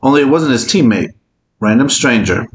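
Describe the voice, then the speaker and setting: A man's voice: medium pitch, normal speed. A man co-hosting a podcast, reading out stories in casual chat and laughing a lot as he tells them. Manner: animated, laughing storyteller. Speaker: podcast co-host. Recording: echoey room, faint hiss.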